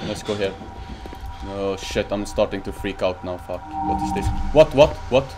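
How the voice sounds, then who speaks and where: A man's voice: on the low side, expressive, moderate pace. A young man giving nervous, swear-heavy commentary as he plays a game and reads its prompts aloud. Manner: jittery, swears a lot, reads on-screen text aloud. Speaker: gaming channel host. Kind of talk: let's play commentary. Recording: loud game music behind.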